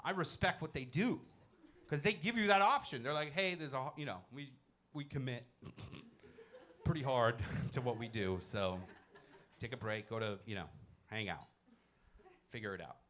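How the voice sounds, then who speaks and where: A man performing a stand-up comedy set in a comedy club, talking loosely and dropping into quick character voices. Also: mid-range voice, fairly bright tone. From born in a Muslim-majority country. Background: audience laughter.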